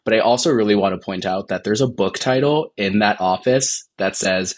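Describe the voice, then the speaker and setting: A man's voice: lowish voice, normal speed. A man co-hosting a podcast in casual chat, thoughtful with hesitant starts. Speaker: podcast co-host.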